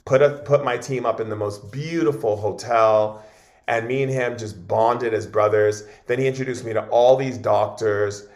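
A man's voice: lowish voice, reverberant. A man speaking as a shaman guest in an interview, telling stories casually and often repeating or restarting his words.

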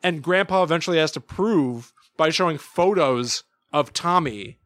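A man's voice: fairly high pitch, normal speed, no echo, studio quality. A man co-hosting a podcast, animatedly retelling a cartoon in casual chat full of "like". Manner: animated retelling with lots of likes. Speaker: podcast co-host.

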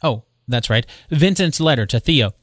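A man hosting a solo podcast, retelling history in a conversational way with quick asides and self-corrections. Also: mid-range voice, animated, no room sound, clean studio sound. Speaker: podcast host. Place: home recording space.

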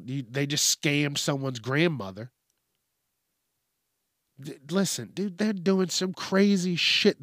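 A man hosting a casual comedic news show, ranting in a profane, animated way. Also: a little high, dry recording, clean studio sound. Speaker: show host.

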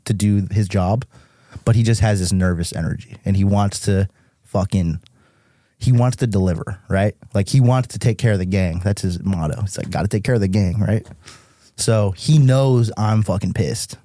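A young man from Massachusetts, a musician guest on a podcast, telling tour stories in a casual, animated way, swearing often and saying "like" a lot. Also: lowish voice, dry recording, clean studio sound.

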